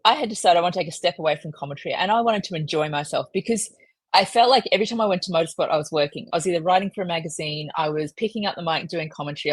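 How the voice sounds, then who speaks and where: A woman, a podcast guest, telling stories in a lively, self-mocking way and laughing often. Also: fairly low pitch, slightly rough, dry recording. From Australia. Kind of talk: casual storytelling in a podcast interview.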